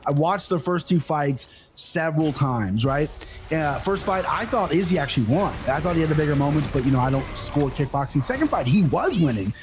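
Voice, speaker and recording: Man, sports co-host, fired-up and swearing freely, slightly higher voice, faint hiss behind. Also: fairly quick. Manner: animated, profane, emphatic. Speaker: podcast co-host. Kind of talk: excited sports betting chat.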